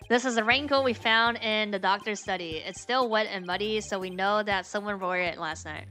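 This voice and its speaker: A woman's voice: medium pitch, moderate pace, pushed and bright, faint music behind. A woman streaming a story game, reading its dialogue aloud with casual, slangy asides. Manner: casual, swears and laughs between lines.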